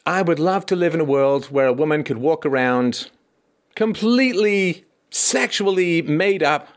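A man hosting a livestream, delivering a sarcastic, theatrical commentary monologue. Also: a little high. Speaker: host and philosopher.

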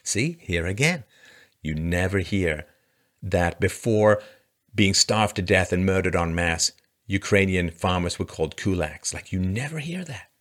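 A man with a somewhat low voice delivers political commentary in a sarcastic, mocking tone. He talks dryly, often with a sigh or a scoff. His remarks come across as flat and knowing. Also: measured pace.

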